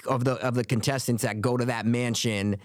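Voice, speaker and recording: A man's voice: mid-range voice, steady tone, brisk, dry recording. Rambling man on a dry mic. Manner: rambling, loose, swears casually. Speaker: podcast co-host. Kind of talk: casual chat.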